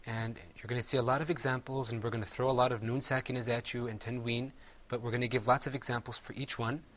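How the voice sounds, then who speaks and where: A man teaching a Quran recitation class, patiently quizzing his students and drilling words slowly with them. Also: mid-range voice, level tone, fairly bright tone.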